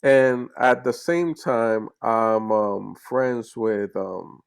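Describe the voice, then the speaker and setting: A man, a comedian, chatting casually in an interview over a video call, animated and rambling with restarts. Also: mid-range voice, drawn-out words, gravelly, smooth. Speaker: comedian guest.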